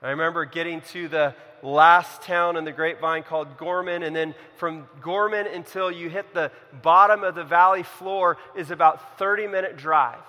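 A young man preaching a sermon, telling a personal story and swinging from loud emphasis to hushed, quiet lines. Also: on the high side, steady tone, moderate pace, hardly any pauses. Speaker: pastor. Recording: hall reverb.

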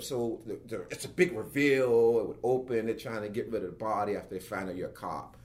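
A man's voice: fast talker, few pauses, slight background noise. Guy telling a wild story from set, acting out everyone's lines, voice jumping all over. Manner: lively, acts out quotes with big pitch jumps. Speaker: actor guest. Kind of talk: animated storytelling.

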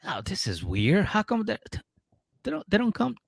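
A man's voice: sits high, normal speed, vocal fry, breathy edge, dry recording, pitched above the performer's own voice, exaggerated voice. A man voicing a blunt, swearing young woman from a reality show, retelling her lines in a comedy podcast. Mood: frustrated. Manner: brash, swearing, excitable.

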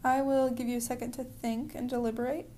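A woman with a high, mellow voice leads a podcast pronunciation lesson. She explains in a friendly way and slows down to model each word. A faint noise sits under the recording. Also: level tone. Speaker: language teacher.

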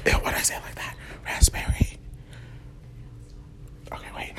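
A woman's voice: normal speed, long pauses. A young woman in a joking whispered ASMR role-play, bossy, swearing and laughing as she goes.

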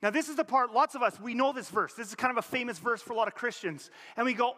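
A Canadian pastor preaching a sermon, conversational and animated, rising and dropping sharply as he makes his points. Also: quick pace, few pauses. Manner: animated, conversational preaching with sudden rises and drops in pitch and volume. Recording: long hall reverb.

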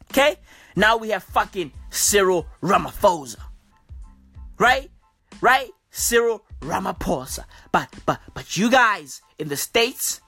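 A woman's voice: medium pitch, fairly bright tone, breathy edge, dry recording. A woman hosting a podcast, delivering a profane comic rant full of slang, with "bruv" and "okay" after nearly every line. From South Africa. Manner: swearing, slangy, keeps tagging bruv and okay. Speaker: podcast host.

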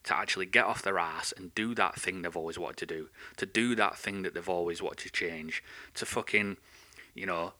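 Podcast host, low voice with a sharp, forceful edge, swears a lot, rambles through an animated rant. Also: male voice. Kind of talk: ranting monologue.

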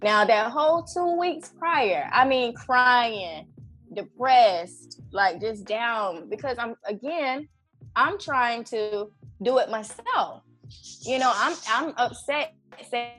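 A woman in her thirties telling a personal story in casual conversation, animated and acting out her own prayers with lots of "you know". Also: a little high, takes it slowly, soft background music. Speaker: event organizer and guest.

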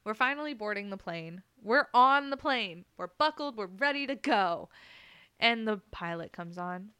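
A woman's voice: medium pitch, lively intonation, normal speed, sharp tone, smooth, no echo. A young woman hosting a podcast, animatedly telling a personal story, often laughing and swearing freely. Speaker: podcast host.

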